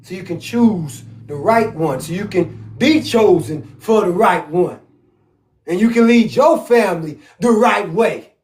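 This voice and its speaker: A man's voice: high voice, expressive, unhurried, a little mellow. A man teaching scripture from home, preaching emphatically and reading verses aloud. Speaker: religious teacher. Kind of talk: scripture teaching on a live stream.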